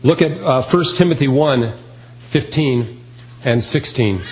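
A man's voice: medium pitch, a little slow, poor audio. A man preaching a sermon, earnest and emphatic, repeating key phrases. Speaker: pastor.

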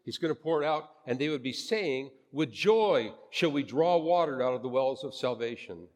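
A man's voice: mid-range voice, expressive, moderate pace, a little mellow. Pastor guy giving an earnest emphatic sermon, repeats himself a lot, reverb-y church hall sound.

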